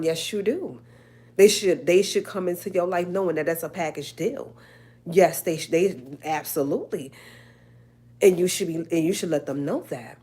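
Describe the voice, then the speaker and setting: Livestream host, woman, deep voice, emphatic repeater. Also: normal speed, darkish tone, breathy edge. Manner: emphatic, preachy, repeats herself. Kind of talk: casual live-stream talk to viewers.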